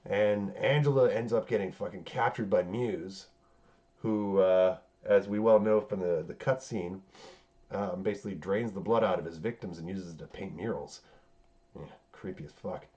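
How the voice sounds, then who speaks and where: A man's voice: sits low, moderate pace, a little mellow. A man hosting a podcast in a loose, rambling chat, full of swearing and fillers. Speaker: podcast host recapping a TV series. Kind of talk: casual chat. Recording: dull lo-fi sound.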